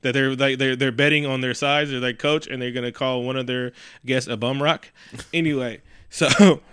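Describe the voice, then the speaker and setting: A man with a bright, clear voice holds forth on a casual podcast, rattling off profane stories and acting out each quote. The sound is dry and close. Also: medium pitch, moderate pace, no echo. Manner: profane, animated storytelling with acted-out quotes. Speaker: podcast co-host. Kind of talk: casual chat.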